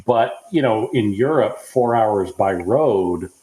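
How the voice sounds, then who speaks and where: A man's voice: lowish voice, lively intonation, slow pace, mellow, reverberant, poor audio. A man from the United States, chatting casually as a podcast guest and rambling with lots of fillers. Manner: easygoing, rambling with many "you know" fillers. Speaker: guest F1 journalist.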